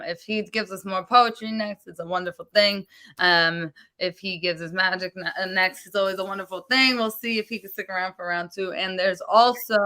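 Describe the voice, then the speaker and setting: A woman's voice: mid-range voice, pushed and bright. A woman co-hosting a virtual poetry open mic with a New York accent, chatting casually with fillers and frequent laughs. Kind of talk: casual live-stream hosting.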